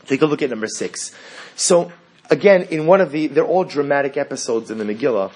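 A man teaching a Torah class, quoting Hebrew sources and translating them in a lively lecturing way. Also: mid-range voice, a little fast. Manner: animated, quotes Hebrew texts and translates them.

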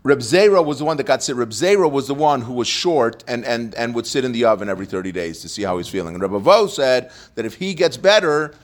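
A man's voice: mid-range voice, expressive, fast, hardly any pauses. A man teaching a Talmud class, explaining step by step and quoting Aramaic, with frequent restarts.

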